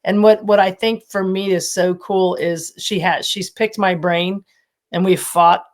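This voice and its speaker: A woman in her fifties, a former college softball coach, telling stories with animation and frequent laughter as a podcast guest. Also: lowish voice, measured pace. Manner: animated storytelling, laughs often. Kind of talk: casual podcast interview.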